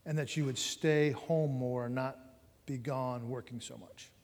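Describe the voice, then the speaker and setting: A man voicing his worried, firm young wife in a hushed, pleading tone during a sermon story. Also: mid-range voice, steady tone, unhurried, close to an everyday voice. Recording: long hall reverb.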